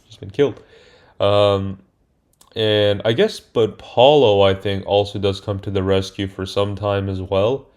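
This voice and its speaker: A man's voice: on the low side, fairly even intonation, unhurried, darkish tone. A man casually recapping a movie's plot as a reviewer, rambling with many fillers and restarts. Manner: rambling, hesitant, many fillers and self-corrections. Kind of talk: casual spoken film recap.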